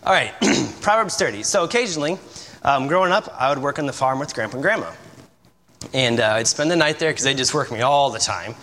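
In a church sanctuary, a man in his thirties, a visiting missionary preacher, gives a casual, joking sermon, poking fun at himself, chatting and laughing along the way. His medium-pitched voice is brisk, pushed and bright, with lively intonation. The recording carries church hall reverb and faint room noise.

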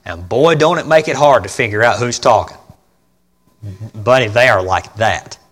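A man's voice: mid-range voice, lively intonation, moderate pace. Folksy preacher man in an echoing hall. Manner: keeps asking the congregation questions; folksy and emphatic, with swings from loud to quiet. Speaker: pastor. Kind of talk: sermon. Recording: long reverb of a large hall.

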